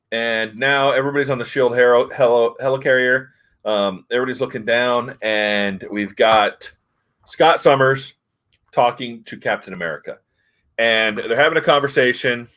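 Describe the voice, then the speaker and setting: A man's voice: lowish voice, a bit bright. A man reviewing comic books in casual chat, retelling scenes and acting out the characters' lines.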